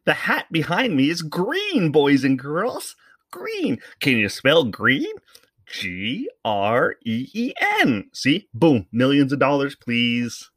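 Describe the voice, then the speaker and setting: A man's voice: medium pitch, wildly swooping pitch, slow, fairly bright tone, no echo, studio quality, voice pushed up, exaggerated voice. A man voicing a jealous grown man who mocks a kids' show host in an exaggerated, childish sing-song. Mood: mocking sing-song.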